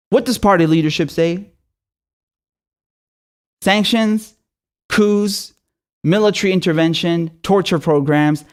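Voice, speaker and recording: A man's voice: fairly high pitch, moderate pace, long pauses. A man who is a political commentator, delivering an angry and profane rant full of rhetorical questions. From Syria.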